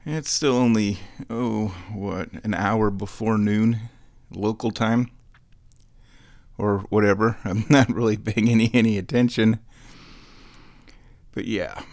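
A man's voice: fairly low pitch, no room sound. A man hosting his own show from home, chatting in a laid-back, rambling way. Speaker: streamer hosting a recurring show. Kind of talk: casual rambling chat. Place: indoors at home.

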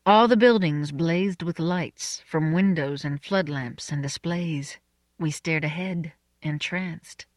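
A narrator reading a first-person novel in a measured, soft-spoken way. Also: medium pitch, dry recording, clean studio sound. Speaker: audiobook narrator.

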